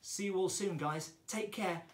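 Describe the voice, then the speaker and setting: A man's voice: high voice, measured pace, roomy sound, heavy background noise. A man teaching children a drama lesson in a chatty, playful and encouraging way.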